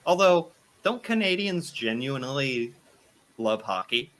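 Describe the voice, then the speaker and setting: A man's voice: mid-range voice, big pitch swings, unhurried, fairly bright tone. A young man from the United States hosting a casual reaction video, thinking aloud and laughing often.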